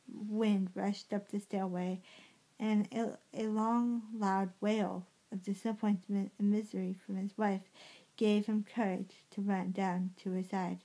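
Slow, mellow woman reading a story aloud. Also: medium pitch, flat delivery, low-quality recording. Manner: halting, with frequent slips and self-corrections. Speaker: reader.

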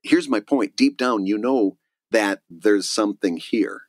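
A man's voice: lowish voice, measured pace, dry recording. A man co-hosting a casual podcast, giving emphatic advice and laughing often. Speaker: podcast co-host, cartoonist.

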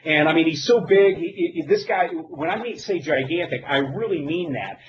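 A man's voice: a little high, moderate pace, highs cut off, noisy background. A middle-aged man giving a technical demo, telling stories with self-deprecating jokes. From United States. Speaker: technical presenter. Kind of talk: live demo presentation.

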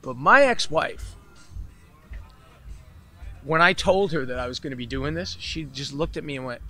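A man's voice: fairly high pitch, moderate pace, long pauses, soft background music. A man, a musician guest in a casual interview, telling stories and acting out the voices of the people in them. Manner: animated storyteller who acts out other people's voices. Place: festival interview setting.

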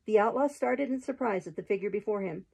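A woman reading a classic adventure tale aloud chapter by chapter in a gentle, steady manner. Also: mid-range voice, brisk, creaky, breathy edge, low-quality recording. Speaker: host reading a book aloud. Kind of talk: storybook read-aloud.

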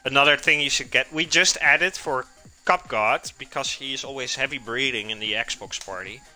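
A man's voice: medium pitch, moderate pace, bright, forceful tone, soft background music. A man hosting a live cooking stream, chatting casually with viewers and answering chat while he cooks in a home kitchen.

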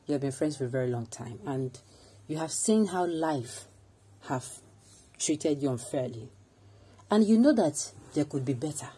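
A Nigerian woman with a very deep, dark voice delivers political commentary as a host. Her tone is husky and mellow, and she talks with animated emphasis, moving easily between English and Pidgin.

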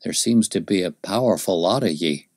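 A man's voice: sits low, animated, moderate pace, darkish tone, dry recording, studio quality. A man voicing a weary, gaunt frontiersman in an audiobook, using folksy backcountry speech. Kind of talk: audiobook character voice.

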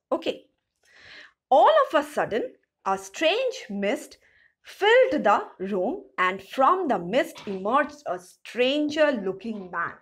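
A woman teacher with a high-pitched, slightly bright voice reads a children's story aloud, then retells each sentence in simpler words. She asks the class rhetorical questions as part of the storybook lesson.

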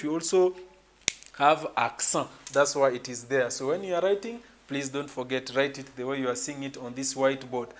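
Slow-paced man teaching a lesson. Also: fairly high pitch. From Kenya. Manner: slow, repetitive explanations with frequent fillers. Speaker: French teacher. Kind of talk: whiteboard language lesson.

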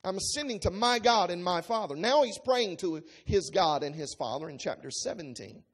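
A preacher reads from scripture and explains it line by line with emphasis, in the manner of an expository Bible-teaching sermon. The mid-range voice has lively intonation and a breathy edge, at a moderate pace.

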